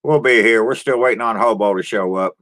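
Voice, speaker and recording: A man hosting a casual live stream, greeting viewers one by one and chatting about his day in a relaxed, folksy way with frequent sighs. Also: on the low side, a little fast. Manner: homespun rural speech. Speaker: livestream host.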